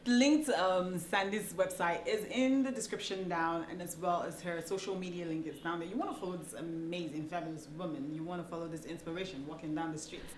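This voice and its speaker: A woman's voice: fairly low pitch, a little fast, few pauses. A woman hosting a talk show, chatting casually with her guest and laughing often. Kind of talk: casual interview chat. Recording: echoey room with faint noise.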